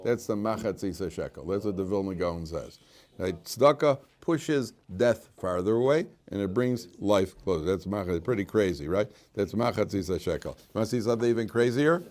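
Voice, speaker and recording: A man's voice: on the low side, lively intonation, normal speed, darkish tone. A man teaching a class as a rabbi, repeating his key lines for emphasis and telling stories. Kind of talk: classroom lecture. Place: classroom with students.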